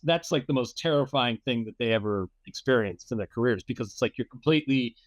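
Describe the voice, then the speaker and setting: A middle-aged man talking as a guest in a casual chat, halting and hunting for words. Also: mid-range voice.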